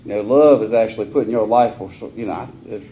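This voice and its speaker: Mellow Southern man telling his story. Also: fairly low pitch, fast talker, slight background noise. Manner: folksy, rambling storyteller with rough humor. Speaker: AA meeting speaker. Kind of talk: personal recovery talk.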